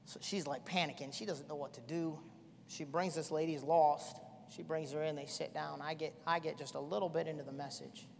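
A middle-aged man preaching a sermon as pastor, swinging from shouting to quiet storytelling. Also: a little high, fairly even intonation, fairly quick, creaky, a little hiss or hum. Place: church hall. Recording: echoey church hall.

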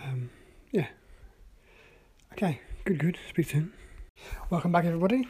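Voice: mid-range voice, expressive, normal speed, background noise. Rambling chatty vlogger. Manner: rambling and chatty, with many ums and self-mocking asides. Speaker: vlogger tasting coffees. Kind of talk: casual daily video diary. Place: at home, indoors.

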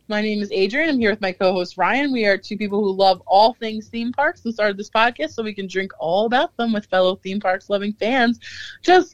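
A woman co-hosting a podcast, chatting casually over drinks with quick, joking asides. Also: mid-range voice, dry recording, muffled recording. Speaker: podcast co-host.

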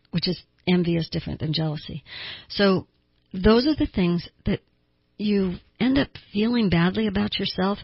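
A middle-aged woman therapist hosts her advice show, talking to listeners with an emphatic, conversational delivery. Her voice sits on the low side and is husky. The recording is dry and dull. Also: no echo. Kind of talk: advice talk show monologue.

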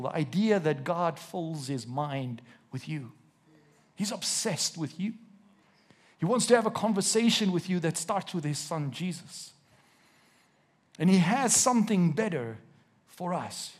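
A preacher in a church, his voice sitting high for a man and a little husky. He drawls the verses out word by word, then turns to quiz his congregation directly. Now and then he slips in a wry joke. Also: lively intonation. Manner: reads scripture slowly with emphasis, asks the congregation questions, jokes. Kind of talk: sermon to a live congregation.

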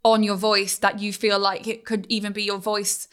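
A woman's voice: medium pitch, flat delivery, normal speed, smooth. A Welsh woman hosting an interview, asking conversational, probing questions. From Wales. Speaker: podcast host.

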